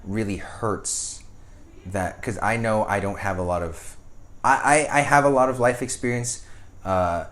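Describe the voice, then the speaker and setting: Podcast co-host: a man with a low, casual voice who rambles and restarts his sentences. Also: fairly bright tone. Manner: rambling, halting, with many fillers and restarts. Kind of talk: casual chat.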